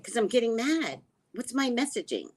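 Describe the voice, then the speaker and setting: A woman running a spiritual vlog, talking slowly and reflectively and often dropping to a hushed tone. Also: a little high, very animated, husky. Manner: slow, musing, often drops to a hushed tone. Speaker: spiritual reader and vlogger. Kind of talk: reflective personal talk. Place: living in the Caribbean.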